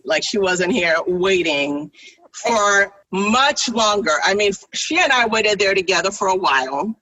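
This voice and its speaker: A woman in her thirties or forties, animated and laughing often as she tells a story in casual conversation. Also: lowish voice, normal speed. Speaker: guest. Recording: distant from the mic.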